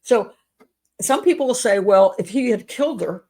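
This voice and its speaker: A woman's voice: medium pitch, expressive, normal speed, a little mellow. A woman giving commentary as a criminal profiler, sarcastic and incredulous as she talks.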